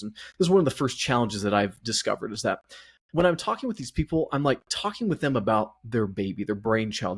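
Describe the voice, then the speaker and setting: A man's voice: medium pitch, husky. A man hosting his own podcast, out of breath and chatty, rambling along in a self-deprecating way. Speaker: podcast host. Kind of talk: casual solo podcast monologue.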